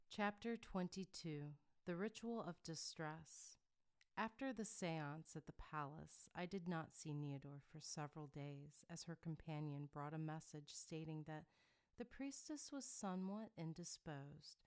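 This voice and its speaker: A woman narrating a historical romance audiobook in a quiet, low-volume reading.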